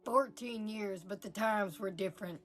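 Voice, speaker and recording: A woman voicing an elderly grandmother who speaks softly and slowly in a comedy sketch. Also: medium pitch, faint music behind, lightly acted. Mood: quiet. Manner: soft-spoken, slow and hushed. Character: elderly grandmother recalling her past, calm.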